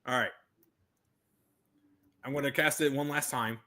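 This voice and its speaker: A man's voice: medium pitch, steady tone, a little slow, heavy background noise. A man playing a tabletop game, chatty and joking, thinking aloud about his spells. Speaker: player.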